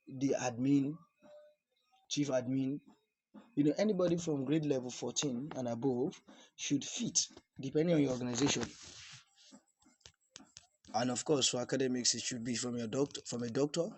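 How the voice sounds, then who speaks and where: A man's voice: medium pitch, darkish tone, breathy edge, no room sound, low-quality recording. A man coaching viewers through an application in an instructional talk to camera, talking emphatically, repeating key points and restarting phrases.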